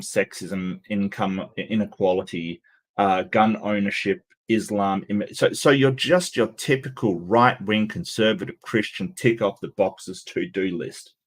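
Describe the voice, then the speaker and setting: A man hosting a livestream, giving casual sarcastic commentary with many halting restarts. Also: lowish voice. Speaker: livestream host.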